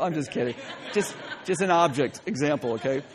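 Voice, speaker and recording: A man's voice: a little high, lively intonation, brisk. A male pastor preaching a sermon, emphatic and direct, often breaking in with "listen" and joking asides.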